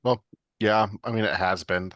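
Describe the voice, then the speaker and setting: A man with a very low voice chats loosely about soccer as a podcast co-host, easygoing and a little tired. The sound is close and dry. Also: fairly even intonation, normal speed, fairly bright tone, no room sound. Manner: chatty, easygoing, yawning. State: tired, yawning. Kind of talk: casual sports chat.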